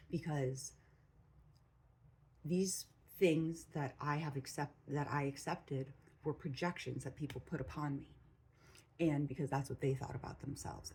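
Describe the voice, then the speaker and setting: A woman's voice: sits low, creaky, a little mellow, slight background noise, low-quality recording. A woman giving blunt, profane spiritual advice in a casual monologue, repeating phrases for emphasis. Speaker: spiritual channel host. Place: home room with a cat.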